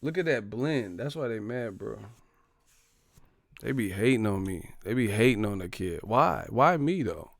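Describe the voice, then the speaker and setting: A man rants on a boxing live stream, profane, joking and exasperated. His voice sits fairly low and the sound is dry and close. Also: expressive, a little slow, creaky, no room sound. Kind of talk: casual live-stream rant.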